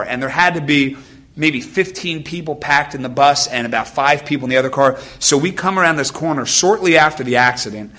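Earnest bright-voiced man preaching. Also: mid-range voice. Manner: conversational, earnest, often asks "right?" and restarts words. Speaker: nurse giving a church talk. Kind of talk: sermon with personal stories. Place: church gathering with a live audience.

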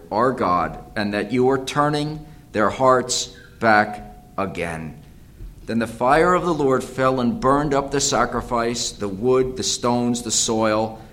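A man preaching a sermon, reading scripture aloud and explaining it, rising to loud dramatic cries and often repeating phrases. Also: medium pitch.

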